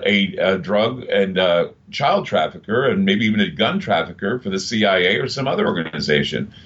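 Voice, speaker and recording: Male broadcaster, 50s, low voice, emphatic rambling storyteller, muffled lo-fi audio. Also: fairly bright tone. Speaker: radio broadcaster guest. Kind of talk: casual interview talk. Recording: dull lo-fi sound.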